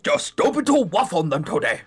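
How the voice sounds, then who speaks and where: A man's voice: high voice, sing-song, moderate pace, fairly bright tone, husky, faint music behind, exaggerated voice. A man doing a stern military major.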